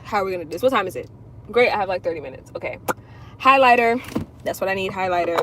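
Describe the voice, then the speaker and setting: A woman astrology reader chatting casually on a livestream from inside her car, blunt and profane, telling things with animated emphasis. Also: fairly low pitch, rapid-fire, slight background noise.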